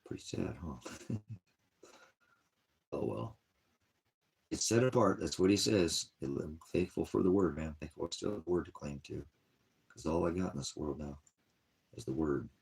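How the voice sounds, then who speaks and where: Weary ministry host, very low pitch, rambling vlog monologue. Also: male voice, lively intonation, moderate pace, long pauses, darkish tone. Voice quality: gravelly, husky. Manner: weary, sighing, drifts between topics. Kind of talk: rambling personal vlog talk.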